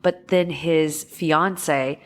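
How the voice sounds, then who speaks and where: A woman's voice: low voice, steady tone, very slow. A woman co-hosting a podcast in casual chat, nasal from a stuffy nose, rambling with fillers and restarts. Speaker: podcast co-host.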